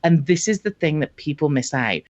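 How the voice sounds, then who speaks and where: A woman's voice: deep voice, moderate pace. A woman, a marketing expert guest, talking casually and acting out example conversations as she explains. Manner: lively storytelling, acts out conversations. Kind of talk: casual interview talk. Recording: dull lo-fi audio.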